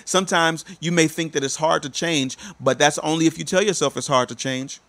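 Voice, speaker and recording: A man's voice: fairly high pitch, fairly quick, a bit bright. A male life coach giving a motivational, sermon-like talk, emphatic and repetitive as he urges listeners on. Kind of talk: motivational preaching.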